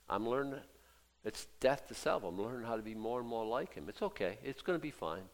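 Animated preacher with a lively voice. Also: male voice, mid-range voice, quick pace, slight background noise. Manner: animated preaching, swings from hushed asides to loud emphatic bursts. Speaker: pastor. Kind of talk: sermon.

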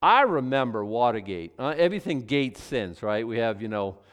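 A man's voice: medium pitch, big pitch swings, moderate pace, clean tone. A man preaching, reading scripture aloud and then breaking into joking, conversational comments and mock apologies. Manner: acts out mock apologies in voices. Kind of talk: Bible teaching with casual asides.

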